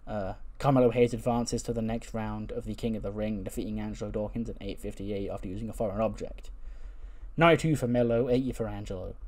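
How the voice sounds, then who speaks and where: A man's voice: fairly low pitch, fairly even intonation, quick pace, darkish tone. A man casually retelling a wrestling sim playthrough in a chatty, storytelling way. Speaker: game commentator.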